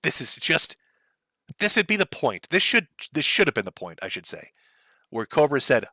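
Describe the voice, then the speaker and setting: A man delivers sardonic, profane commentary over clips he plays for his viewers. His voice is bright and highly animated, sitting a little high, in a dry, close recording. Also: moderate pace, dry recording. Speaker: streamer reacting to clips.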